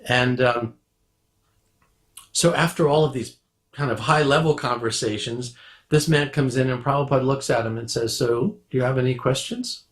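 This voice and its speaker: A man telling a story in a measured way, dropping quiet at moments. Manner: measured, drops to a soft low voice. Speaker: disciple recalling his teacher. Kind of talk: reminiscing anecdote.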